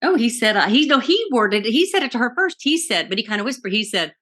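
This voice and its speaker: A woman's voice: on the high side, fairly quick. A woman co-hosting a casual podcast chat, eagerly retelling scenes from a TV episode and acting out what people said. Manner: animated storyteller, acts out quotes. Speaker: podcast co-host. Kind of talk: casual chat recapping a TV show.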